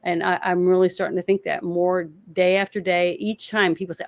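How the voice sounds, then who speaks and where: A woman's voice: on the low side, steady tone, dry recording. Fired-up woman ranting on a podcast. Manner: fired-up, swearing, rapid bursts of anger. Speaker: co-host. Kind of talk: heated political podcast rant.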